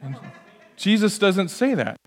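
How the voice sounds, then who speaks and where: A male pastor preaching a sermon, swinging between hushed asides and loud, emphatic peaks. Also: high-pitched, big pitch swings, a little slow, long reverb tail. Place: church sanctuary.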